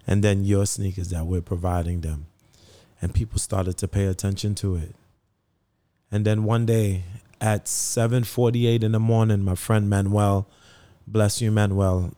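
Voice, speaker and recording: Speaking low and mellow, a sneaker charity founder from Brooklyn, New York, a middle-aged man, recounts his story for an interview. Earnest throughout, he leans on repeated phrases for emphasis and imitates the voices of those he quotes. The recording is close and dry, free of echo.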